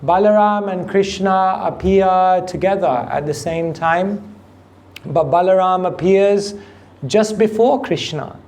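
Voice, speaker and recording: A man's voice: high voice, a little mellow. A man giving a devotional class to an audience, speaking unhurriedly and quizzing listeners with questions. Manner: unhurried, asks the audience questions, chuckles easily. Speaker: spiritual teacher. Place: temple hall with audience.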